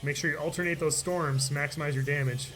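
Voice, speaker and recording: A man's voice: fairly high pitch, fairly even intonation, quick pace, fairly bright tone, soft background music. A man streaming a game live, chatting casually and laughing often, his voice tired from talking all day. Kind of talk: live gameplay commentary.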